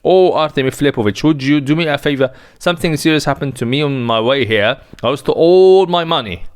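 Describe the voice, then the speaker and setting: A man's voice: on the high side, a little fast, clean tone, natural voice. A man reading the part of a boastful young male impostor official in a dramatic reading of a play, in a smug, offhand way.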